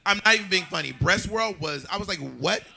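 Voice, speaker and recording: A man's voice: sits high, fast talker, creaky, sharp tone. A man sharing sassy, opinionated commentary at a bar viewing party, swearing freely. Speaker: drag queen panelist. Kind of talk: casual banter at a viewing party.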